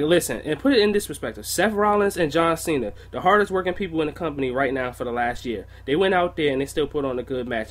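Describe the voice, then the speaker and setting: A man co-hosting a wrestling podcast, ranting in a heated, profane way. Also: mid-range voice. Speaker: podcast co-host. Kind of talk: casual wrestling podcast rant.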